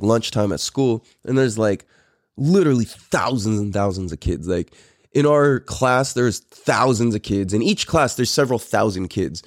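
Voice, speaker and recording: A man's voice: medium pitch, no echo, clean studio sound. A man in his thirties from California, a podcast host telling a story in a loose, profane, rambling way with frequent laughs. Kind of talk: casual storytelling.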